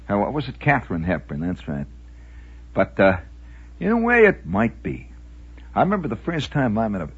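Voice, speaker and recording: A man's voice: low-pitched, slightly rough. A man hosting a rambling late-night radio monologue, theatrical and mock-grand, talking around a cigar in his mouth. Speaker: radio host. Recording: dull lo-fi old radio recording with faint music.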